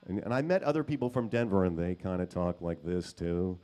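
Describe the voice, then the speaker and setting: A man's voice: deep voice, lively intonation, a little fast, mellow. A male guitarist and session musician telling casual, self-deprecating stories at a guitar clinic. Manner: casual, self-deprecating, many fillers and acted quotes. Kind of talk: anecdotal storytelling at a guitar clinic.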